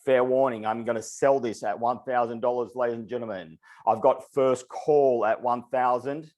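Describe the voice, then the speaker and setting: A male auctioneer running a charity auction over a webinar, rattling through bids in a rhythmic, repeating patter. His voice sits at an ordinary middle pitch, and he sounds a little out of breath from the pace. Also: fairly even intonation, normal speed, darkish tone. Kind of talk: rapid charity auction calling. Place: online webinar.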